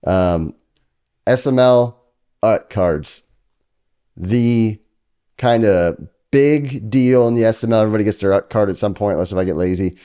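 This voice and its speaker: Casting note: male podcast host, low-pitched and easygoing, joking while showing off player cards. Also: normal speed, dark tone, smooth. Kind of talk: casual podcast chat.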